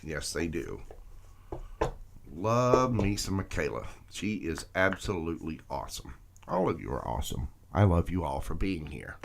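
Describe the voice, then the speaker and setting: A man's voice: low voice, big pitch swings, normal speed, vocal fry, very noisy. A man reading tarot cards on a live stream, chatting with viewers and greeting them by name. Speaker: tarot reader.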